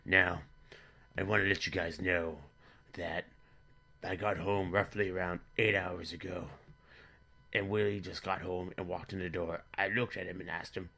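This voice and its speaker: Deep male voice with a bright, forceful edge, rambling deadpan comic storyteller. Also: normal speed, gravelly. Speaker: comedy vlogger in character as a father.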